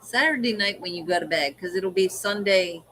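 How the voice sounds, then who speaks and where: A woman's voice: lowish voice, normal speed, bright, forceful tone, slight background noise, low-quality recording. A woman hosting a casual live stream, explaining things in a rambling way. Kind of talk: casual chat.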